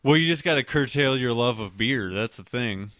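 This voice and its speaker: A man co-hosting a podcast, rambling through everyday stories with lots of swearing and laughter. His voice is bright and forward with a dry close-mic sound. He restarts his sentences often. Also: mid-range voice, expressive, moderate pace, dry recording. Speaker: podcast co-host. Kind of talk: casual storytelling chat.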